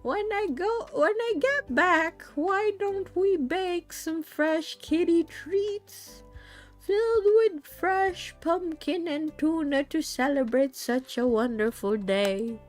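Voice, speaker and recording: A gentle old grandmother in a cozy game, speaking slowly in a high, fond, sing-song voice, as a woman puts her on. She dotes on everyone around her. Faint music plays underneath. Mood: cheerful.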